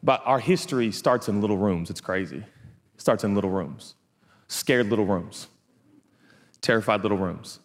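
A man's voice: on the low side, moderate pace, pauses often. A man preaching a sermon, telling the story with playful asides and acting out the people in it. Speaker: pastor. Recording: hall reverb.

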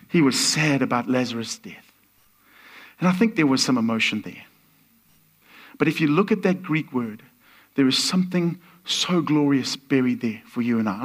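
A man preaching a sermon as a guest speaker, telling a story and acting out the voices in the quotes. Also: fairly high pitch. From Portuguese.

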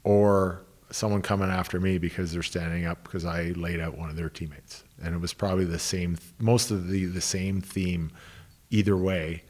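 Speaking at a normal pace in a low, darkish voice with fairly even intonation, this Ottawa man, once a pro hockey player and now a coach, is middle-aged. He rambles through interview stories, often restarting sentences and saying "you know."

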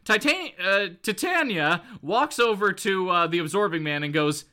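A man's voice: sits high, expressive, moderate pace, few pauses, pushed and bright, clean tone. A man hosting a podcast, recapping comics in a casual, laughing way with many fillers. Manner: laughing, filler-heavy storytelling. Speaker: podcast host.

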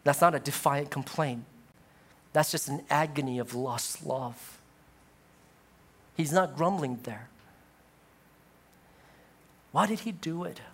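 A male pastor preaching a sermon, moving from loud, high exclamations to low, hushed passages. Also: takes it slowly, pauses often, breathy edge.

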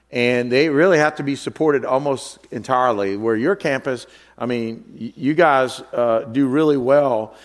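A man preaching in a church, chatting casually with fillers, whose pitch jumps high and loud when he tells a funny story. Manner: conversational, with filler words and restarts. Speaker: pastor. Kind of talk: sermon with an animated, joking story.

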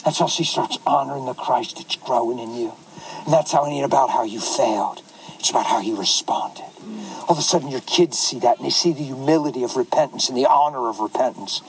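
A man's voice: medium pitch, slight background noise, poor audio. A man pastor answering questions in a passionate, emotional preaching style.

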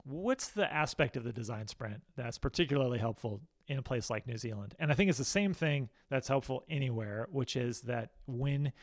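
A man's voice: medium pitch, dry recording. A man with an American accent speaking as an interview guest in a candid, rambling, self-deprecating way. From United States. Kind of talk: casual interview talk.

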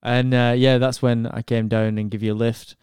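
A man's voice: medium pitch, level tone, moderate pace, darkish tone, smooth, no echo, studio quality. A man, co-hosting a podcast in laid-back, joking casual chat. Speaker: podcast co-host.

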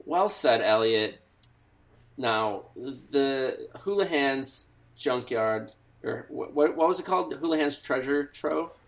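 A man's voice: mid-range voice, animated, slow pace, vocal fry. A man co-hosting an improvised comedy podcast, prompting his partner in a mock-earnest interviewer manner. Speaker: podcast co-host.

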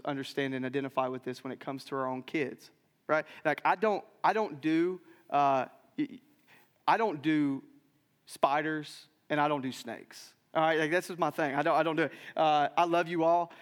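A man with a high voice preaches to a church congregation in an animated storytelling manner, tossing in "right?" again and again. His voice rings out with the long reverb of a large hall. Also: smooth. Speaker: pastor. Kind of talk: sermon. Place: church sanctuary.

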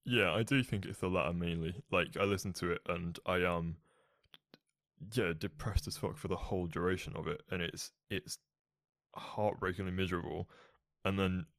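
A man with a very deep voice talks casually on a podcast. He sounds enthusiastic, swears freely and fills gaps with 'like' and 'sort of'. The recording is dry and close. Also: steady tone, moderate pace, fairly bright tone, dry recording. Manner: enthusiastic, sweary, filler-heavy. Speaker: podcast co-host. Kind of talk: casual chat.

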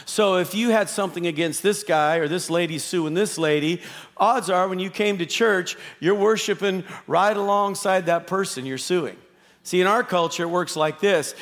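A pastor with a high voice delivers a sermon in a conversational way. He throws rhetorical questions at the audience. His voice rings with long reverb in a big church hall. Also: a bit bright. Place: church auditorium, live service.

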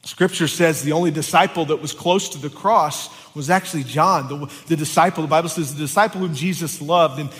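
A man's voice: on the high side, a little fast, few pauses, fairly bright tone. Man preaching in a reverberant hall. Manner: preaching, reading scripture aloud with emphatic rises. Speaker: pastor. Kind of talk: sermon. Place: church sanctuary. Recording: long reverb of a church hall.

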